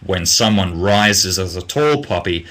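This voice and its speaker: A young Australian man, a music producer, answering viewer questions in a casual live Q&A, halting with many ums and restarts, blunt in his opinions, and getting tired. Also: deep voice, lively intonation, a bit bright.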